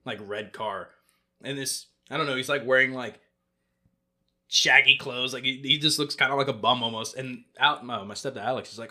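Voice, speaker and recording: A man's voice: medium pitch, fairly quick. A young man casually telling a story on a podcast, swearing freely and acting out what everyone said. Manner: animated, swearing storyteller who acts out quotes. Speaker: podcast co-host.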